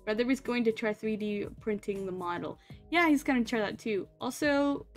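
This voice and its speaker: A young woman hosting a casual live-stream chat, rambling with lots of fillers and laughing often. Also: mid-range voice. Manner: giggly, rambling, trails off with fillers. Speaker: streamer and host.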